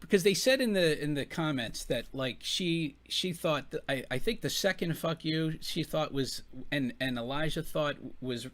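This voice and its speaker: A man from the United States with a slightly high voice, reacting to a livestream clip. He rambles and swears freely, starting his sentences over and over as he works out his point. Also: normal speed, hardly any pauses, a bit bright. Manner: rambling, profane, restarts his sentences often. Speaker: reaction commentator. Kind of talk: casual reaction commentary.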